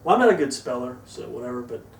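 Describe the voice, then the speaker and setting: A male co-host in casual banter, dropping wry, deadpan quips. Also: medium pitch, fast, vocal fry. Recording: roomy echo, distant mic, faint hiss.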